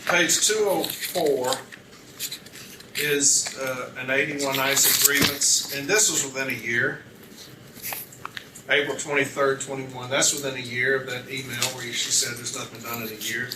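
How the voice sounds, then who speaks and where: Male union advocate at an arbitration hearing, methodical, reads out exhibits page by page, mid-pitched, recorded from across a reverberant room with steady noise. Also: measured pace. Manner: methodical, citing page numbers and reading documents aloud. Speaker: union advocate questioning a witness. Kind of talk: arbitration hearing cross-examination. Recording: roomy, distant mic with background noise.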